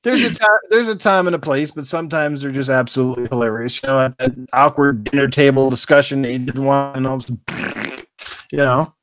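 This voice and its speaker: A man's voice: medium pitch, steady tone, a little fast, a bit bright, no room sound. A man hosting a podcast, telling crude stories with lots of swearing and laughter. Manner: profane, laughing, storytelling. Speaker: podcast host. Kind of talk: crude casual podcast chat.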